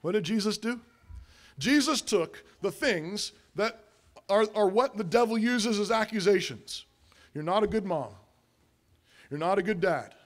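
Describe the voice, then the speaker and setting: A man's voice: high-pitched, expressive, unhurried, pauses often. A man preaching a sermon as pastor, emphatic and repetitive, asking rhetorical questions and answering them.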